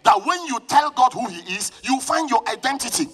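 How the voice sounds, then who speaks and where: High-voiced fervent Nigerian preacher, shouting. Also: male voice, animated, normal speed. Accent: Nigerian English. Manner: fervent, often shouting, calls on the congregation to respond. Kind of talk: live sermon. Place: church service.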